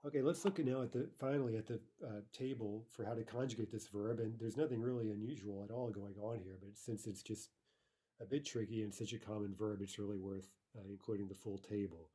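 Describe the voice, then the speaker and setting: A man teaching a recorded language lesson, explaining grammar step by step and slowing down to read example sentences aloud. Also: on the low side, steady tone, warm tone, husky.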